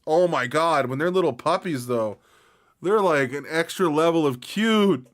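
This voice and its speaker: A man's voice: on the high side, unhurried. A young man streaming, rambling in a laid-back, slangy way as he chats with his viewers. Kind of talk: casual live-stream chat.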